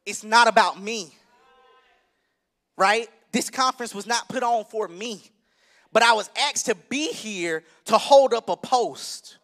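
A young adult man preaching a sermon, emphatic and conversational, rising to shouts. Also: sits high, a little slow. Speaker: minister preaching.

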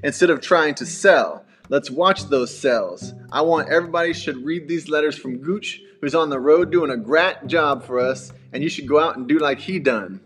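A man's voice: a little high, racing, hardly any pauses, soft background music, pitched above the performer's own voice, lightly acted. A man voicing a folksy, unschooled man reading out his business letters in an exaggerated put-on accent.

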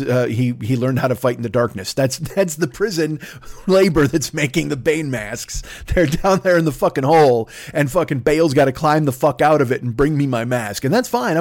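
A man hosting a comedy podcast, ranting in a profane, rambling, excitable way with lots of restarts. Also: medium pitch. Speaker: podcast host. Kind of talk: comedic rant.

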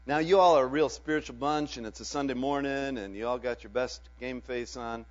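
A pastor delivers a Sunday sermon in a mid-range voice, shifting between loud declarations and hushed, stretched-out words. The recording is dull and lo-fi, with a mains hum underneath.

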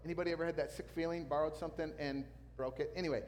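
A male pastor preaching a sermon, telling a story with lively sound effects. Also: a little high, rapid-fire, big-room sound.

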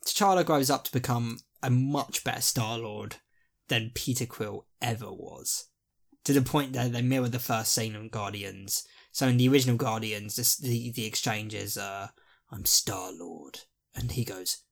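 A man's voice: mid-range voice, moderate pace, vocal fry. A man co-hosting a podcast, chatting casually and animatedly, swearing and acting out quotes from characters. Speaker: podcast co-host. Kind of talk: casual chat.

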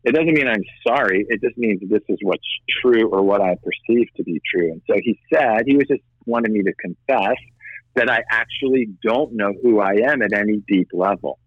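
Low-voiced earnest man. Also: no echo. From United States. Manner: earnest, halting, repeats words while telling a story. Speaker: guest. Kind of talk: personal testimony in conversation. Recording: slightly dull, dry audio.

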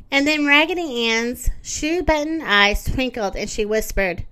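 A woman reading a children's story aloud, with an expressive, lively delivery. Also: a little high, normal speed, few pauses, smooth.

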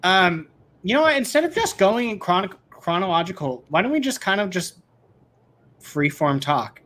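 A man hosting a casual podcast chat, talking with excitable, rambling restarts. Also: high-pitched, moderate pace. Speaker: podcast host. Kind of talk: casual pop-culture chat.

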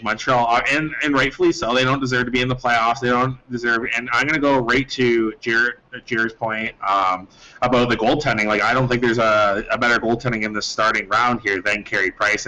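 A man's voice: mid-range voice, pushed and bright, low-quality recording. A man co-hosting a sports podcast in casual chat, rambling with many fillers and restarts. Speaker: podcast co-host. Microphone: studio-style podcast mic.

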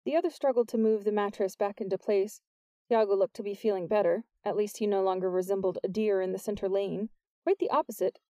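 A woman reading a novel aloud as an audiobook narrator, with steady scripted narration. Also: a little fast, no room sound. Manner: lifts her pitch for the characters' lines.

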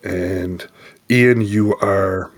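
Low-voiced man running a tabletop game. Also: steady tone. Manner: halting, with many fillers and restarts. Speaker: game master.

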